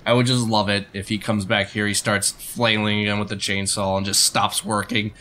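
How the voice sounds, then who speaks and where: A man's voice: lowish voice, level tone, normal speed, sharp tone. A man co-hosting a let's play, chatting casually, laughing often and swearing freely as he reacts to the game. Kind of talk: casual gaming banter.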